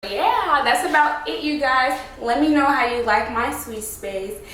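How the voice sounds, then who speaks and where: A woman's voice: high voice, measured pace, fairly bright tone. A young woman giving a casual, profane tour of her open loft-style salon suite, calling her viewers y'all. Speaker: salon owner vlogger. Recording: echoey room with music playing.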